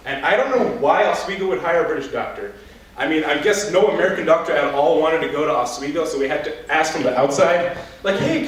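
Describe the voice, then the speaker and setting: A young man performing a crude, rambling stand-up set and laughing at his own jokes, recorded from far off in a large echoey room. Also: on the high side. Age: young adult. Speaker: stand-up comedian. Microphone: far from the mic. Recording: echoey room, distant mic, noisy.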